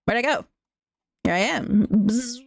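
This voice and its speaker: A woman's voice: fairly high pitch, measured pace, vocal fry, dry recording, clean studio sound. A young adult woman streaming live, casually chatting, reading chat aloud and thanking viewers, with the odd swear. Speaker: vtuber streamer.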